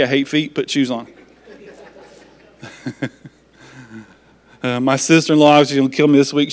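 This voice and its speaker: Pastor guy preaching, folksy and jokey, kinda high voice. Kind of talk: sermon.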